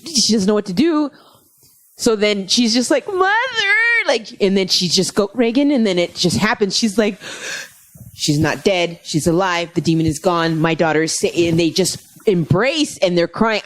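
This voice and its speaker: A woman comedian chatting casually on a podcast, telling stories in an animated, rambling way and swearing freely. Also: lowish voice, normal speed. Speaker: guest comedian.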